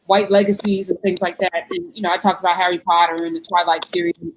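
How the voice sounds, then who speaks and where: A woman's voice: fairly low pitch, flat delivery, fast talker, slight background noise, poor audio. Thoughtful woman relaying audience questions. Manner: thoughtful, corrects herself mid-thought. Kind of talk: conversational discussion.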